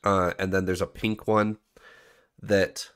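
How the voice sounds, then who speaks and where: A man hosting a podcast, explaining points in a relaxed, conversational way. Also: sits low, slow pace, clear, resonant tone. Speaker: podcast host. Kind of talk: casual book discussion.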